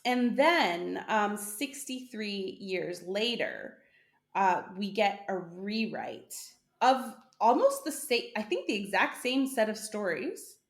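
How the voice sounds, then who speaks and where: A woman's voice: medium pitch, very animated, slow. Chatty woman podcast co-host. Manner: chatty, laughs often, many fillers. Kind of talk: casual chat.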